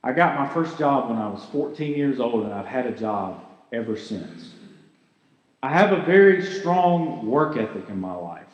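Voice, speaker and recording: A man's voice: medium pitch, lively intonation, normal speed, highs cut off. Man preaching in an echoey hall. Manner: earnest, conversational preaching with rhetorical questions. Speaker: pastor. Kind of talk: sermon.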